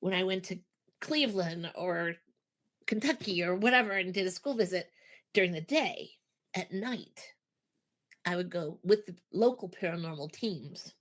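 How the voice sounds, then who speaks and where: A middle-aged woman, a guest author, telling stories in a casual interview and acting out the voices in them with lively energy. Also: fairly low pitch, normal speed. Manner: animated, acts out voices in anecdotes.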